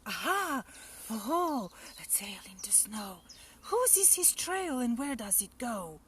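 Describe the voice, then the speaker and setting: A bold little gruffalo girl from a picture book, squeaky and wide-eyed. Her voice lifts high and swings with excitement, taken at an unhurried pace, as a woman reads her aloud. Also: a little hiss or hum. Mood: curious. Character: young female gruffalo child, bold and curious.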